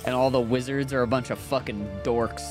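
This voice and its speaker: A man's voice: medium pitch, steady tone, fairly quick, music in the background. A man in casual voice chat during a group game, laid-back, rambling and swearing.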